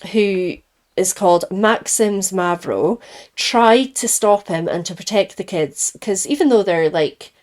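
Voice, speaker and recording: A woman's voice: medium pitch, animated, unhurried, a little mellow. A woman hosting a true crime podcast, telling the case in a chatty, opinionated way and often correcting herself.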